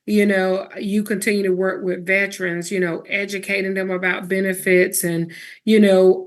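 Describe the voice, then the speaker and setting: A woman's voice: mid-range voice, gravelly. A woman hosting an interview, affirming her guest often with murmured agreement. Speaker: podcast host.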